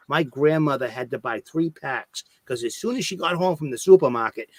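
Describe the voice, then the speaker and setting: Man, middle pitch, dry close mic, crude jokey storytelling. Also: fairly bright tone, dry recording. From Boston area. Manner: joking, profane storyteller. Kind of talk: casual chat.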